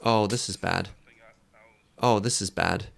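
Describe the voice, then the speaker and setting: Gravelly-voiced man streaming with chat. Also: lowish voice, a little slow, a bit bright. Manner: joking, self-deprecating, chats with viewers. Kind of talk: casual live-stream chat while gaming.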